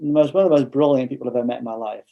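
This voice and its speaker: A man's voice: mid-range voice, very fast, gravelly, highs cut off. A man with an English accent, a guest in a casual interview, telling stories bluntly with frequent restarts. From England.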